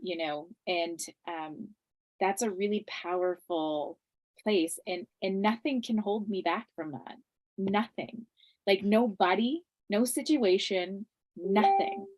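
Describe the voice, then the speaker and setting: A woman's voice: mid-range voice, slow, darkish tone. A woman hosting a conversation, speaking reflectively and using many fillers.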